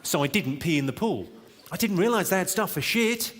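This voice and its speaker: A man doing stand-up in a large theatre before a live audience, telling jokes in a brisk, mock-innocent way. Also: sits high, animated. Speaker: stand-up comedian. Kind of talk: live stand-up one-liners. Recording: loud crowd noise with long hall reverb.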